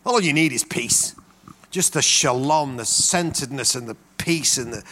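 This middle-aged preacher has a fairly high-pitched voice. His sermon is full of lively stories, and he acts out what the people in them say.

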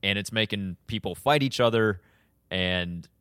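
A man in his thirties co-hosting a podcast, recapping an episode in casual chat, animated and laughing often. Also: fairly low pitch, measured pace, clear, resonant tone, no echo, studio quality. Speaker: podcast co-host.

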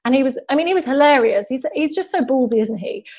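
Chatty woman, mellow voice. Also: sits high, lively intonation, fast, slight background noise. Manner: chatty storyteller, many fillers like "like". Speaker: football journalist. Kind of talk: casual interview chat.

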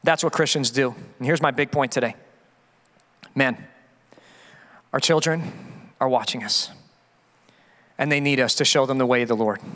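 A man, a pastor, preaching an emphatic sermon, rising for stress and dropping low for appeals. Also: sharp tone. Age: adult father of a young son. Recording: long reverb of a church hall.

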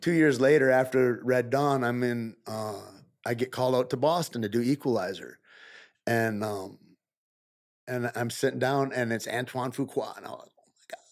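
A middle-aged man, a guest in a casual interview, telling stories and acting out quoted dialogue with a lively, rising voice. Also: normal speed. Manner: animated, acts out quoted dialogue with rising pitch. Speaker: podcast guest.

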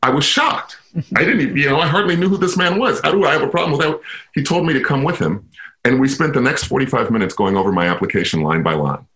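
Speaking fast with lively intonation, this radio interview guest from Chicago, who works as a university inclusion officer, looks back on a personal story with self-deprecating reflection. His voice is mid-range and fairly bright.

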